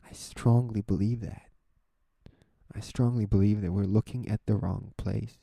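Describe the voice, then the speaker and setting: A young podcast host delivers a reflective solo monologue, posing question after question to himself and restarting phrases as he goes. His deeply dark, mellow voice has a creaky, breathy edge, with fairly even intonation and normal speed. The recording is dry, with no room sound.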